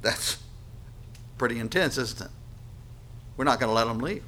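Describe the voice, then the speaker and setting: A man preaching a sermon on scripture, earnest and emphatic, with dramatic pauses and little acted asides. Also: medium pitch, sharp tone, a little hiss or hum. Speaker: pastor.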